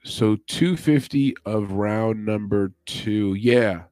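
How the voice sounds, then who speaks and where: A man's voice: lowish voice, slow, darkish tone, dry recording. Chatty man hosting a betting podcast. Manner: loose, chatty, thinks aloud. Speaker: MMA betting podcast host. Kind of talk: casual chat.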